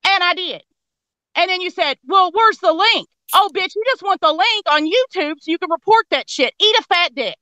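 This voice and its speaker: A woman with a high, sharp voice rants in an angry, profane stream during a casual chat. Her voice is recorded close and dry, with no room sound. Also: lively intonation, fairly quick, no room sound.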